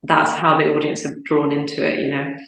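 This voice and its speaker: A fairly quick, low-pitched young female opera singer chats casually during an interview. She's animated, acting out little quoted exchanges, and the room she's in is echoey.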